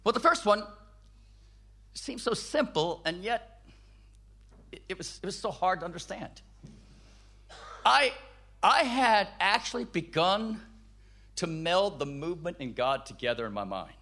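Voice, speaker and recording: Man, older, preacher, sharp bright voice, emphatic testimony sermon, soft low dips. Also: expressive, measured pace, long pauses.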